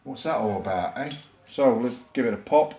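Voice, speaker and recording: A man with a Yorkshire accent rambles through a chatty, self-deprecating beer review on his vlog, full of fillers. His mid-range voice is expressive and darkish, moving at a moderate pace. The room is echoey.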